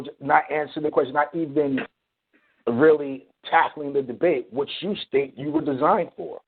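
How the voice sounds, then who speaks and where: A man co-hosting a radio talk show, explaining his points in a measured, casual way. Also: mid-range voice, breathy edge. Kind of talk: casual chat. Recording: tinny phone-line audio.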